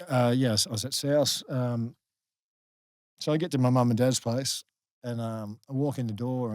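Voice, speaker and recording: A middle-aged Australian man, a guest on a podcast, telling a personal story candidly, halting and restarting often. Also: medium pitch, a little mellow, no echo. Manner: halting, many restarts, earnest. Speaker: guest, former rugby league player.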